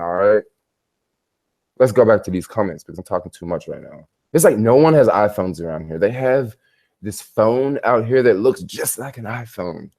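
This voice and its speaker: A man's voice: on the low side, a little mellow. A man chatting casually on a livestream from his hotel bedroom, telling stories in a rambling, slangy way. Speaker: travel vlogger.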